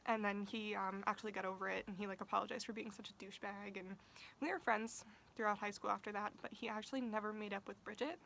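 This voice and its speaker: A young woman vlogger telling a casual storytime, talking fast and swearing freely, saying "like" all the time. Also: medium pitch, fairly even intonation, creaky, fairly bright tone, a little hiss or hum, poor audio. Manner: profane, fast-talking, uses "like" constantly.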